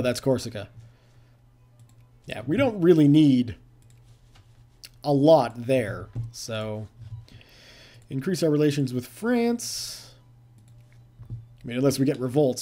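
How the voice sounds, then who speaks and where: Chatting casually through a strategy game, this male commentator thinks out loud and throws in playful jabs during a let's-play. His mid-range voice is mellow and dark, with lots of rise and fall in pitch.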